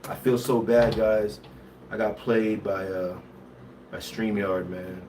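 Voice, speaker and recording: A man's voice: lowish voice, fairly even intonation, takes it slowly, darkish tone. A young man hosting a casual livestream, reading viewer comments aloud and mixing in Haitian Creole. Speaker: livestream host. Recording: faint background noise, somewhat distant from mic.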